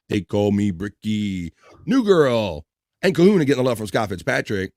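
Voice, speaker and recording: A man's voice: on the low side, sing-song, very noisy. A man hosting a livestream, reading out and teasing chat comments in a hyped, joking way. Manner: hyped, teasing, quick shout-outs. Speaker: livestream host.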